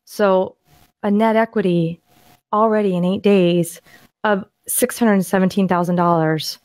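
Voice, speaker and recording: A woman co-hosting a podcast, excitedly walking through property deals on screen in a casual, rambling way with frequent restarts. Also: medium pitch, moderate pace, no room sound. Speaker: podcast co-host and land investor. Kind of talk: casual screen-share deal walkthrough.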